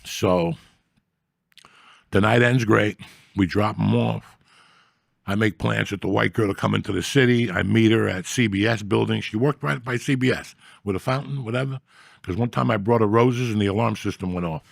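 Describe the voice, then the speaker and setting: Gruff low-voiced guy rambling through a filthy street story, swears a lot, dry close mic. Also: normal speed, no echo. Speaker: comedian guest. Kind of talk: profane storytelling on a podcast.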